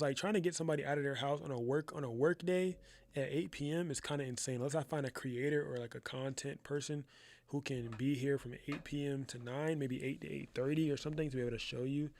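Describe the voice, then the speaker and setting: With a fairly high, slightly mellow voice, a young man hosts a laid-back live photography class from his studio. His chat is loose and slangy, wandering from point to point, and "bro" comes up again and again.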